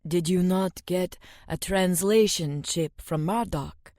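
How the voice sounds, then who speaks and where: A woman narrator voicing a calm, soothing male alien hunter in an audiobook, speaking slowly and evenly. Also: on the low side, no echo, studio quality. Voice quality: soothing, measured.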